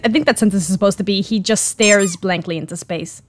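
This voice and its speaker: A woman's voice: mid-range voice, a little fast, faint music behind. A young woman hosting a gaming channel, chatting animatedly and reading the game's text aloud as she plays. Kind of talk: let's play commentary.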